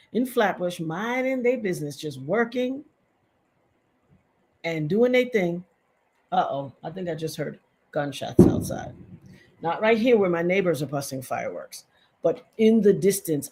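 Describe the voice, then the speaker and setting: A woman's voice: fairly low pitch, darkish tone. A middle-aged woman giving impassioned, emphatic live-stream commentary to her chat, repeating points for stress.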